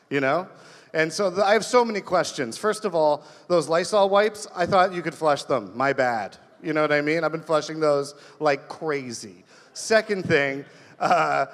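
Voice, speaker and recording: A man with a high voice doing a stand-up set, rambling from one story to the next with animated bursts. His voice rings out with a long hall reverb. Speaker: stand-up comedian. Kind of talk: stand-up comedy monologue.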